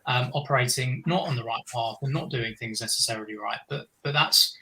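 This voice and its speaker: A man's voice: medium pitch, a little fast, vocal fry, sharp tone, low-quality recording. A man speaking as a guest in a reflective conversation, earnest and meandering, often restarting his sentences.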